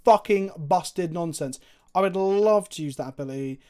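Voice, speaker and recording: On a live stream, an excitable man narrates his card game into a desk microphone, thinking out loud and cursing freely. His voice is high-pitched and his pace moderate.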